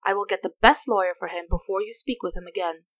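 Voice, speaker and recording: A woman voicing an angry, protective woman who orders an intruder out, in a sharp, commanding manner. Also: mid-range voice, fast, no room sound, natural voice. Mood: furious. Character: angry protective woman defending her partner.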